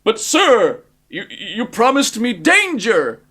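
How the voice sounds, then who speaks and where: A man voicing an earnest, pompous male space hero in a comic audiobook reading, with slow, booming, self-serious declarations. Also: wildly swooping pitch, bright, forceful tone, full character voice. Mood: whiny.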